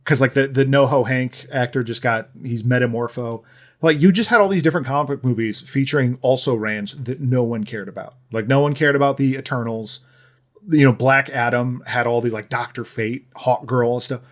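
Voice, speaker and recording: A podcast co-host talks in a rambling, sardonic casual chat, full of fillers and restarts. His voice is medium-pitched and brisk.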